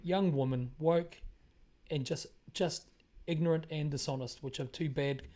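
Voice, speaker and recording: A man's voice: fairly high pitch, steady tone, unhurried, warm tone. A man with a New Zealand accent hosting his own commentary broadcast, speaking emphatically and repeating phrases for effect. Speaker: independent broadcaster, show host. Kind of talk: monologue commentary on current events.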